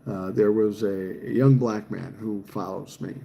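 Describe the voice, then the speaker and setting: A man's voice: lowish voice, fairly even intonation, measured pace, gravelly, mellow, slight background noise. A man, chatting casually on a livestream and reading viewer comments aloud, swearing freely. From Minnesota, USA. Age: 60s. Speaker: livestream host reading chat.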